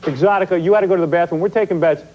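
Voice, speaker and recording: A man hosting a comedy game show with teasing jokes and quick banter. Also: high-pitched, fairly even intonation, dull audio. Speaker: show host.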